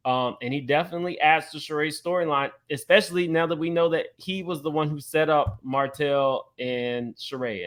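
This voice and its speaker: A man hosting a casual reality-TV gossip commentary, chatty and quick to laugh, talking straight to his viewers. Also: mid-range voice, fairly bright tone. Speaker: commentary channel host.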